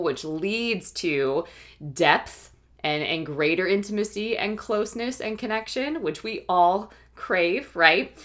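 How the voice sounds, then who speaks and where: A woman's voice: lowish voice, fairly bright tone. A woman giving a faith-based teaching talk, earnestly explaining and checking in with her listeners with a frequent "okay?" and "right?". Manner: earnest, explanatory, occasional restarts. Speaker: Christian teacher and life coach.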